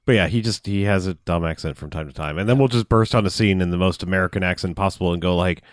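A man's voice: low voice, fast, no echo, clean studio sound. A man chatting casually as a podcast co-host, recapping a film in a rambling way and acting out lines in put-on voices. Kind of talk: casual movie recap chat.

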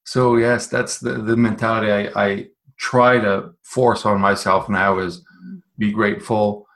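Give me a man with a slightly low voice, hosting a podcast and stumbling over his words. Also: level tone, a little slow, fairly bright tone. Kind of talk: casual podcast conversation.

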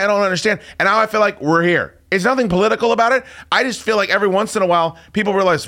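A man hosting a talk radio show, ranting in a loud, profane way and laughing between lines. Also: sits high, racing, hardly any pauses, no echo, clean studio sound.

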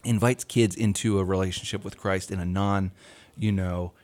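A man co-hosting a podcast, telling lively stories in casual chat and laughing often. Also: deep voice, normal speed. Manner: animated storyteller, laughs often. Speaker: podcast co-host.

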